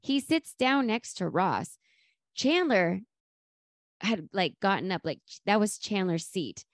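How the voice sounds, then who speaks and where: A woman co-hosting a podcast chats casually about a sitcom episode, lively and laughing as she acts out quoted lines. Her medium-pitched voice moves slowly, captured in clean studio sound with no echo.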